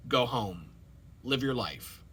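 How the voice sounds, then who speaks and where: A man's voice: mid-range voice, lively intonation, slow, pushed and bright, husky, exaggerated voice. A man voicing an easygoing rich master who forgives a huge debt in casual slang. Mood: relaxed. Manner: laid-back, casual slang.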